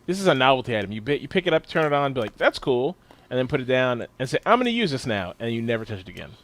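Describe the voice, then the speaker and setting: A man co-hosting a podcast in casual chat, telling animated stories, swearing often and laughing as he rants. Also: medium pitch, racing, no echo. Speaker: podcast co-host.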